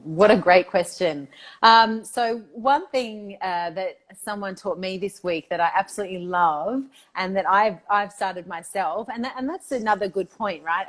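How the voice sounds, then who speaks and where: Middle-aged aussie woman talking away as a guest, medium pitch, eager and chatty. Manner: enthusiastic, chatty, frequent "like" and "you know". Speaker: guest, institute founder. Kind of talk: casual interview chat.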